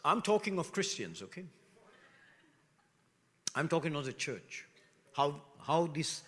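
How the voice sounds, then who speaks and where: Bright-voiced preacher in a reverberant hall. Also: male voice, fairly high pitch. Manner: animated preaching with rhetorical questions, swinging between loud and hushed. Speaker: pastor. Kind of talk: sermon. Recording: long reverb of a large hall.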